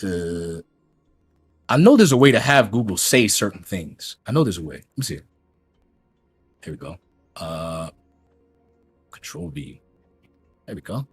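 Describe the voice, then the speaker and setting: A man's voice: low-pitched, sing-song, measured pace, pauses often, breathy edge, soft background music. A man ranting on his gaming channel in a mocking, combative way as he reacts to a critic's clip. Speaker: YouTube gaming commentator. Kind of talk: reaction rant.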